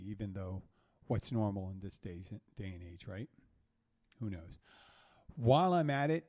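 A man's voice: fairly low pitch, mellow. A man hosting a solo podcast, telling a rambling story that restarts and corrects itself as he talks. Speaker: podcast host, bartender. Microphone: soundboard mic.

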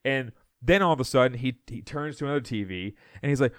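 A man co-hosting a podcast, telling a story in casual chat and acting out loud quotes, with many fillers. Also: medium pitch, fast, smooth, no echo, clean studio sound. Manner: animated storyteller, acts out shouted quotes. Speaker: podcast co-host.

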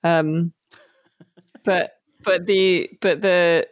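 A podcast co-host chatting casually about a game, rambling with many fillers and slowing down on key words. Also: medium pitch, steady tone, no echo, studio quality.

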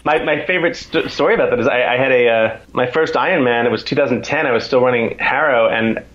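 A man's voice: medium pitch, fast, a bit bright. A man in his forties tells self-deprecating stories as an interview guest, with lots of restarts. His voice sits in the middle range, and the recording sounds dull and lo-fi. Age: 40s. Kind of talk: casual interview storytelling.

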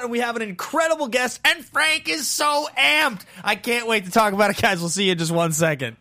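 A young man hosting a TV fan talk show in an energetic, excitable, joking way. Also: very high voice, a little fast, hardly any pauses. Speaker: host. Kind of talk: hyped casual podcast hosting.

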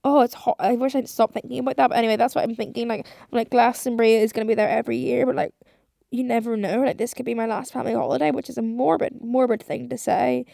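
A woman's voice: a little high, steady tone, fast talker, vocal fry, mellow, no room sound, clean studio sound. A woman in her twenties hosting a casual solo podcast, rambling and chatty, swearing often and saying "like" constantly. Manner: rambling, chatty, swears a lot, heavy use of like. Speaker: podcast host.

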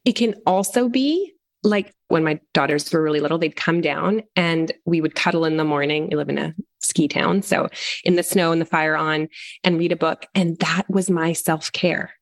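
Animated woman with a lower voice. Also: moderate pace. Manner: earnest, animated, acts out little quoted voices. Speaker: parent coach and guest. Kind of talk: conversational podcast interview.

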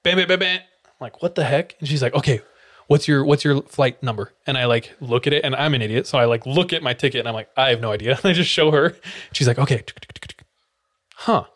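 A young man recounts a story as a podcast co-host, with animated delivery. He breaks into quick voices and sound effects for the people in it. The talk is loose and casual. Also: mid-range voice, dry recording, clean studio sound. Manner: animated, acts out quotes with sound effects and laughs.

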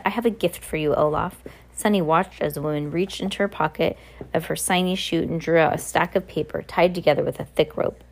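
A woman's voice: low-pitched, darkish tone. A woman reading a novel aloud in a casual manner, often stumbling and correcting herself. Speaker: reader.

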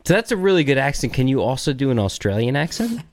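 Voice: medium pitch, big pitch swings, fast talker. A podcast co-host who keeps pushing the guest to try accents. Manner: pushy, keeps prompting the guest. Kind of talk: casual comedy podcast banter.

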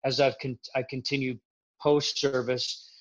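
A middle-aged man from Central Florida talks as a veteran guest in a casual interview. He rambles, stops to correct himself, and speaks frankly. His voice sits at an ordinary male pitch, and the audio is a little dull and low-fidelity. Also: flat delivery, measured pace.

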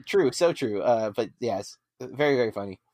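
A man's voice: mid-range voice, animated, moderate pace, a little mellow, no echo, studio quality. A man hosting a film podcast, chatting casually and rambling with lots of fillers and restarts. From United States. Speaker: podcast host. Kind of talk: casual chat.

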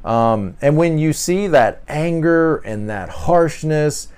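An earnest man explains a personality type to his listeners in a relaxed monologue. His voice swings up and down as he talks, and he stumbles over and repeats his words, then slips into quick acted-out lines. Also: a little high, clear, resonant tone. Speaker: podcast host. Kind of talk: casual teaching monologue.

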